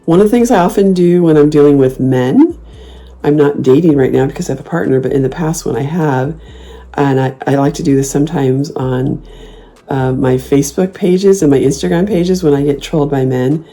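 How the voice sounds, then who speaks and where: Low, mellow-voiced sassy woman in her fifties. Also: moderate pace. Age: 50s. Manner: sassy, blunt, swears freely; playful mocking put-on voices when quoting herself. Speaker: host. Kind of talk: casual talk to camera.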